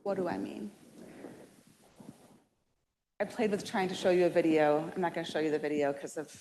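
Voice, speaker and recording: A woman's voice: low voice, moderate pace, warm tone. Chatty woman lecturing in a reverberant hall. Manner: casual, chatty, self-deprecating with many fillers. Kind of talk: public lecture. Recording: reverberant hall, audible background noise.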